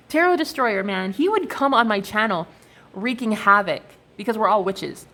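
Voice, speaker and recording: A woman's voice: mid-range voice, normal speed. A young woman talking to her viewers in a casual, rambling, profane monologue while reading oracle cards. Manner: profane, expressive, animated storytelling.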